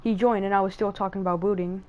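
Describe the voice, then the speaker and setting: A woman's voice: medium pitch, quick pace, poor audio. A woman telling a rambling gaming story. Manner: rambling, excitable, many fillers and restarts. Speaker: gaming channel host. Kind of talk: casual story time over gameplay.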